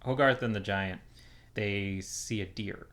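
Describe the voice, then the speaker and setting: A man's voice: on the low side, unhurried. A man co-hosting a podcast, casually retelling a film's plot with many fillers. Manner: relaxed, filler-heavy retelling. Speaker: podcast co-host. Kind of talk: casual film discussion.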